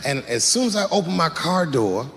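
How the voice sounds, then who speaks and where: A male stand-up comedian telling stories on a handheld mic, swinging into loud acted-out outbursts, live in a large arena with the audience laughing. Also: a little high, very animated, normal speed, creaky, big-room sound. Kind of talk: stand-up routine. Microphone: handheld stage mic. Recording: live arena with roaring crowd.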